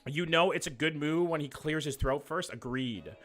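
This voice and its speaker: Faint music plays behind a young livestream host whose fairly high, fairly bright voice moves at normal speed. He goes through viewer comments with casual, crude, jokey banter.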